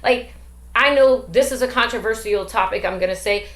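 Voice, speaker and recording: A woman's voice: a little high, normal speed, fairly bright tone. A middle-aged woman and grandmother, a podcast host talking emphatically with many rhetorical questions. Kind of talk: casual discussion. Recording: echoey room.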